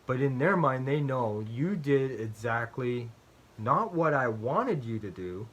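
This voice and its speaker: A man's voice: mid-range voice, very animated, a little slow, a bit bright, breathy edge. A man hosting a strategy game channel, explaining play in a chatty, self-deprecating way with personal stories, often ending his points with "right?" and repeating phrases for emphasis.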